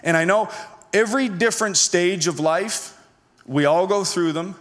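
A man preaching a sermon, telling a personal story in an animated way and acting out his own lines with a raised voice. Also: high-pitched, normal speed. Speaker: pastor. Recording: long hall reverb.

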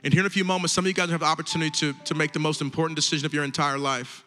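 Fervent fast-talking pastor in a hall. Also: male voice, on the high side, level tone, bright, forceful tone. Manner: fervent, repetitive exhortation. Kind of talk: sermon altar call. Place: large church hall with balcony. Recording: long hall reverb, faint music.

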